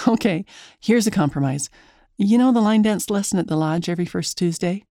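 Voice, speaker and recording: A woman's voice: mid-range voice, lively intonation, normal speed, warm tone, no room sound, clean studio sound. A woman narrating a first-person story in a chatty, wry, self-mocking way.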